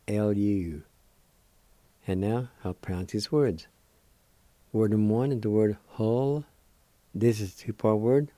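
An older man with a Cherokee accent teaching words slowly and deliberately as a radio language teacher, repeating each one. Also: lowish voice, warm tone, dry recording. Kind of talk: slow spelled-out language lesson.

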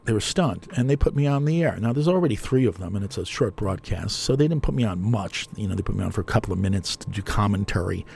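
Older man, New Jersey accent, radio host, low gravelly voice, husky, rambling self-mocking storytelling. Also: expressive, fast, few pauses, a little mellow. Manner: chatty, digressive, self-mocking.

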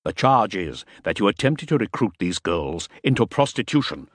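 A man voicing a nervous, sweating middle-aged fixer who gives clipped, urgent orders in a low, dry tone. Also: sing-song, normal speed, dry recording. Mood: stern.

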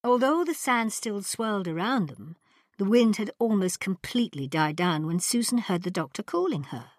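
Woman, storyteller, lower voice, very lively pitch, dry close sound. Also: normal speed, dry recording. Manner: dramatic, expressive reading. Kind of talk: scripted narration.

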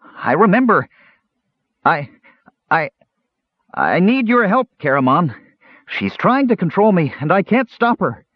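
A man voicing a small cursed kender, high and pleading. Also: huge pitch swings, a little slow, husky, no echo, muffled recording, heavily acted. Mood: frightened. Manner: shifts between eerie menace and pleading. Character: small frightened male kender under a ring's curse. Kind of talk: audiobook character voice.

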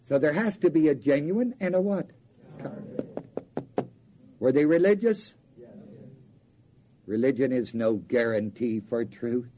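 A man's voice: medium pitch, lively intonation, slow, long pauses, warm tone, slight background noise. A man preaching a sermon in a folksy, joking way, often quizzing his congregation with questions.

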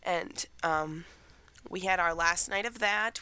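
A woman's voice: on the low side, takes it slowly, sharp tone, clear, resonant tone. A teenage girl co-hosting a podcast, chatting in a rambling way about her week while getting over a cold. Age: teens. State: recovering from a cold. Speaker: podcast co-host. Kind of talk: casual chat.

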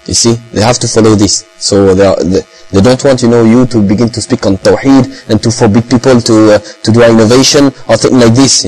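A man recounts his experiences in casual English, telling the story loosely and ramblingly with heavy use of fillers and Arabic phrases. His voice sits at a middle pitch, and a steady mains hum runs beneath the rough recording.

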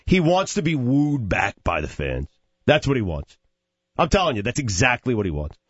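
A man's voice: medium pitch, huge pitch swings, normal speed, husky, dry recording, lo-fi sound. A man co-hosting a sports radio show in casual banter, insistent and boastful, repeating his points.

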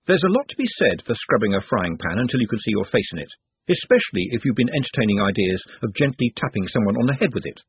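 A man reading an audiobook in a wry, highly expressive narration, heard over a tinny phone-like line. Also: fast, breathy edge, dry recording. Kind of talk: scripted narration.

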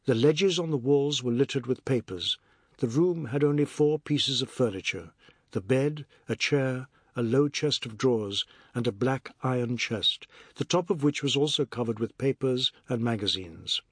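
A man reading a novel aloud as narrator in a measured, even storytelling manner. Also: medium pitch, slightly rough, no echo, studio quality. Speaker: audiobook narrator. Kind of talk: scripted narration.

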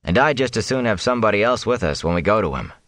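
A man doing a slow, doubtful young man. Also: fairly low pitch, expressive, a bit bright, dry recording, pitched above the performer's own voice. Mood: skeptical. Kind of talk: audiobook character voice.

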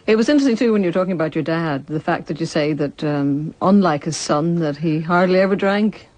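A woman's voice: sits low, a little fast, a little mellow, no echo, poor audio. A woman presenting a radio interview, chatting easily and laughing along with her guest.

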